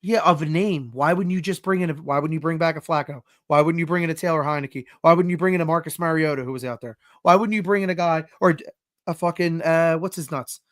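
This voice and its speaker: A man's voice: a little high, fast talker, fairly bright tone, dry recording, clean studio sound. A man co-hosting a podcast over a video call, arguing his points emphatically and swearing often. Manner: profane, emphatic, argumentative. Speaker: podcast co-host. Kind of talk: heated casual sports chat.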